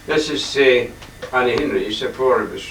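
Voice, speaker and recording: A man's voice: medium pitch, fairly bright tone. Older man, echoey and distant. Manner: halting, wandering, frequent throat clearing. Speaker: painter talking about his paintings. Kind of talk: rambling casual reminiscence. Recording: echoey room, distant mic, faint hiss.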